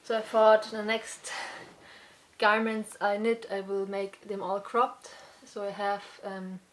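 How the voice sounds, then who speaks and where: A young adult woman hosting a casual crafts podcast, chatting in an unhurried way with many fillers and restarts, slightly out of breath at times. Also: medium pitch, little pitch movement. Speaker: podcast host. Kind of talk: casual chat.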